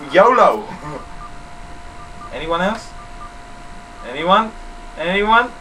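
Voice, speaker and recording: Lively young man, mic far off. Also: high voice, very slow. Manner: joking, sweary, lively outbursts. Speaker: gaming channel host. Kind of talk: casual let's-play commentary. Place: room at home, recording while gaming. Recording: distant mic with faint noise.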